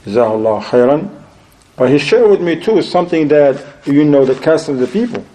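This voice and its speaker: A man lecturing to an audience, telling stories in a lively way, laughing often and sprinkling in Arabic religious phrases. His voice sits a bit high for a man. It also has a mellow, warm tone. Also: brisk, a little hiss or hum, low-quality recording. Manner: animated, acts out quoted voices, laughs often. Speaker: Islamic lecturer.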